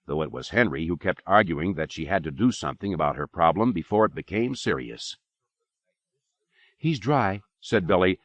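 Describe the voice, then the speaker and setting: A man narrating an audiobook with measured, expressive storytelling, on a dull lo-fi cassette recording. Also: deep voice, no echo.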